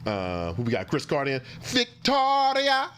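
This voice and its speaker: A man's voice: mid-range voice, expressive, fairly quick, noisy background. A man hosting a casual morning talk show, riffing and joking.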